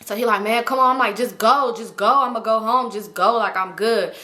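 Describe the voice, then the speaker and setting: A young adult woman, telling a personal story casually and acting out quoted lines with sudden jumps in pitch. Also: a little fast. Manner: animated, acts out quotes with big pitch jumps. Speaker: storytime vlogger.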